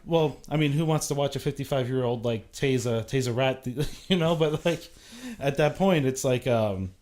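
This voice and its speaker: A young man on a talk show, speaking in a loose, chatty way full of fillers and restarts. His voice sits at a middle pitch for a man. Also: normal speed, a little mellow. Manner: chatty, many "like" fillers and restarts, laughs easily. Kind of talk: casual talk show chat.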